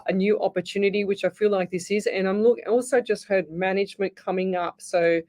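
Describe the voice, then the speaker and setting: A woman's voice: mid-range voice, steady tone, a little fast, darkish tone. A woman hosting a live radio show, giving psychic readings in a reassuring, repetitive way with many restarts. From Australia. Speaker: psychic medium radio host.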